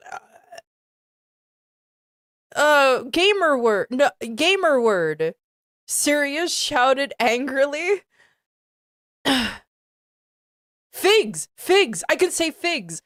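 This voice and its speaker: A woman's voice: sits high, very animated, extremely slow, long pauses, a bit bright, no echo, studio quality. A young woman streaming, reading aloud and reacting in disbelief while often breaking into giggles. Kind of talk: casual live-stream reading commentary.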